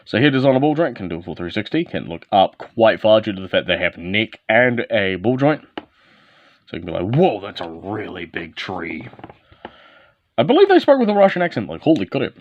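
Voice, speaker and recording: A man's voice, on the low side, swings hugely in pitch as he talks quickly through a casual toy review. He handles and transforms the figure while calling out short step-by-step moves, and the recording is dry, dull and lo-fi.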